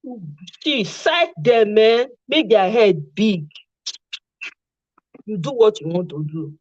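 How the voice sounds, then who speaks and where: A woman's voice: mid-range voice, slow, no echo. A woman with a Nigerian accent giving casual commentary as the host, slipping into Pidgin and acting out little scenes. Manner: animated, mixes in Pidgin and acts out little scenes. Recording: dull, dry lo-fi sound.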